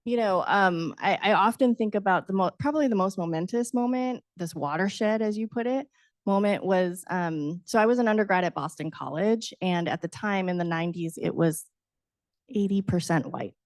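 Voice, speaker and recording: A middle-aged woman, a book author, telling a lively personal story at a book talk, laughing often and acting out her younger self. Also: mid-range voice, normal speed, no echo, clean studio sound. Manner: animated, acts out her past self, laughs often, says "right?". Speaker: author guest.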